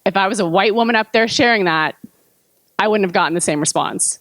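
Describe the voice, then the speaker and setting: A woman's voice: mid-range voice, brisk, a bit bright, no echo. A woman at a conference speaking candidly and earnestly about her table's discussion, often laughing. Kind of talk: candid public remarks. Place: conference room.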